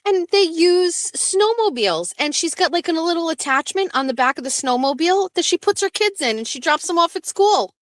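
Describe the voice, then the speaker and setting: A woman's voice: extremely high pitch, a little fast, few pauses, no room sound. A woman from southeastern Massachusetts hosting a show in casual, rambling chat, swearing freely and often laughing. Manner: lively, breaks into laughs. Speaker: show host.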